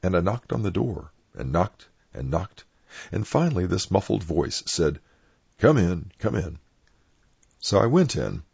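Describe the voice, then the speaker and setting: An older man, a clergyman, reading his own personal anecdotes aloud in a plain, unhurried storytelling manner. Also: extremely low pitch, creaky, a little mellow, slightly rough, dry recording. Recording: dull lo-fi dry recording.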